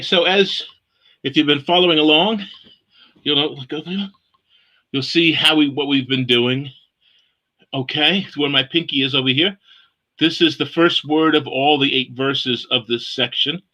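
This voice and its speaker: A man leading an online Bible study, explaining Hebrew letters and words in an unhurried way. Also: medium pitch, sharp tone.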